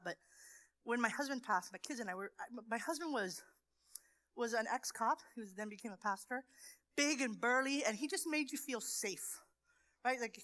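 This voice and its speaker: A middle-aged woman preaching a sermon in a church, moving from hushed near-whispers to impassioned shouting. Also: fairly high pitch, rough recording.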